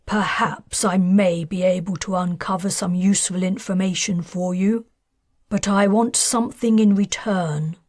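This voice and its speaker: A woman's voice: medium pitch, steady tone, a little slow, a little mellow, no room sound, studio quality, natural voice. Woman reading as a scheming society man. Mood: bargaining. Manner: clipped, bargaining.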